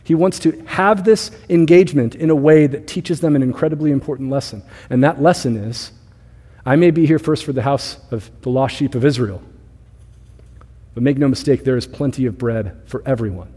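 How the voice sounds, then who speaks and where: A young male pastor delivers a sermon in a loose, conversational style, full of playful asides. His voice is mellow and a little husky. It rings out with the long reverb of a church sanctuary. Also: mid-range voice, moderate pace.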